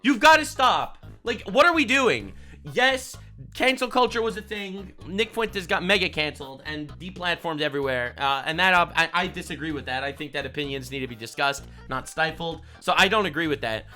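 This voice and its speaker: Excitable, bright-voiced young man reacting. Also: fairly high pitch, normal speed, faint music behind. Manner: excitable, incredulous, loud swings. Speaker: streamer reacting to clips. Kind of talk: reaction commentary.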